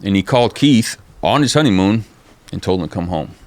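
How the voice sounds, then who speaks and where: A middle-aged man with a very deep, gravelly voice tells stories in a casual sit-down interview. He talks in an animated, profane way, peppering everything with "dude" and "man.". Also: fairly quick, dry recording. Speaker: interview guest, former skateboard company manager.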